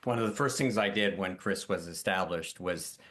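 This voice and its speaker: An older man speaking as a panelist on a video call, measured and explanatory, with frequent fillers. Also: low-pitched, a bit bright. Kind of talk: explanatory webinar talk.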